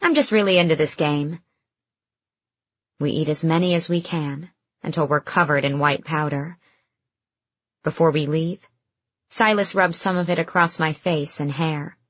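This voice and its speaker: Low-voiced woman narrating an audiobook. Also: fairly even intonation, normal speed, dry recording. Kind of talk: first-person audiobook narration. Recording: dull dry studio recording.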